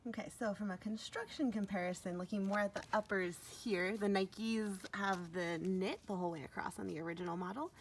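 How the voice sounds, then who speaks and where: A woman's voice: mid-range voice, steady tone, brisk, few pauses, a little hiss or hum. A young woman giving a chatty, upbeat vlog review of running shoes, full of fillers.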